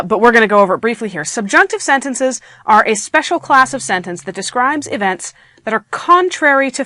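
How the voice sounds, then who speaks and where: Animated woman teaching grammar. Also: mid-range voice, no room sound, clean studio sound. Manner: animated, playful, acts out example sentences. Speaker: grammar instructor. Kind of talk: online grammar lesson.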